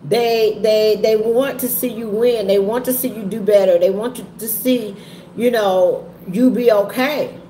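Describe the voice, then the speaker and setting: A woman talking candidly to her viewers in a halting, heavy way, often repeating herself. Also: mid-range voice, fairly even intonation, mellow. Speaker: vlogger and trucking business owner. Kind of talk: candid personal talk to viewers. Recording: echoey room with faint ambient noise.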